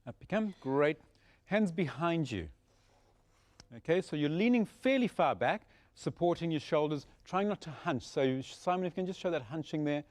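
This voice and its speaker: A man teaching a Pilates class, giving steady, encouraging cues paced by the breath. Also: on the high side, moderate pace. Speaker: Pilates instructor. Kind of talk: guided exercise instruction.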